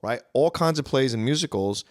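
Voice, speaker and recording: A man co-hosting a film podcast, telling stories in a casual, excitable way. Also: medium pitch, normal speed, dry recording, studio quality. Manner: animated storyteller, excitable. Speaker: podcast co-host.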